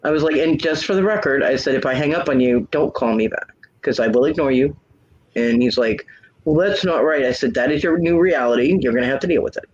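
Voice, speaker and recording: A man's voice: medium pitch, a little fast, lo-fi sound. A man telling a story in casual chat, frank and blunt, acting out both sides of the arguments he describes. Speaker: hangout host.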